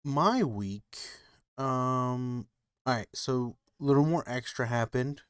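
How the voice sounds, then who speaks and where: Brief: male podcast co-host, very slow, smooth clear voice, dry close sound. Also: mid-range voice, expressive, no echo. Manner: laid-back, halting with fillers. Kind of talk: casual chat.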